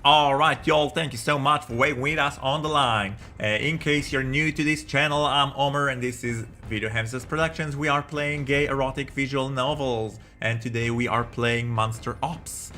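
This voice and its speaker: A man's voice: mid-range voice, steady tone, moderate pace, few pauses, pushed and bright. A man hosting a live gameplay stream, chatty and joking as he talks to his viewers. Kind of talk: live game commentary.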